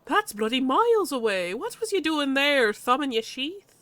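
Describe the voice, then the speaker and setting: A woman voicing a perky, cheeky female weasel clanswoman with a put-on, vaguely Irish accent and a raised pitch. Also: very animated, normal speed, a bit bright, no room sound.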